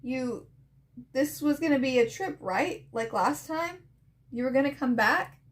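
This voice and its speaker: A woman reading as a clingy little boy begging not to be left, fairly high voice, comic read-aloud. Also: animated, unhurried. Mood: pleading. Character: young boy, clingy, pleading, upset.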